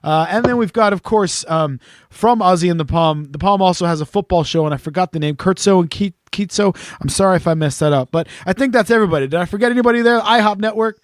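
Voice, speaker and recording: High-voiced joking podcast host man. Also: fast talker, no room sound, clean studio sound. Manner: rambling, joking and profane. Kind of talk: casual podcast chat.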